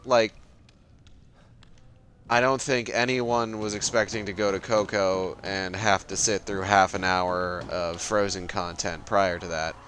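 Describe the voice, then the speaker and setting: A man's voice: low voice, little pitch movement, measured pace, a bit bright, a little hiss or hum. A man casually talking while playing a video game, rambling with lots of fillers and cursing freely. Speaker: gaming streamer. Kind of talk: casual let's-play commentary.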